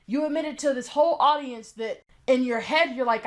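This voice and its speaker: A woman's voice: sits high, moderate pace. A woman giving a blunt, indignant ranting commentary, hammering her points with repetition. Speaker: commentary YouTuber.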